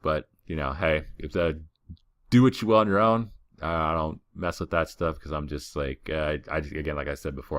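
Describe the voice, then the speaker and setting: A young man with a strikingly deep, low voice tells a travel story in a loose, laid-back way, full of fillers and restarts. The sound is close and dry, with no room behind him. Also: fairly bright tone, dry recording. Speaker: podcast host.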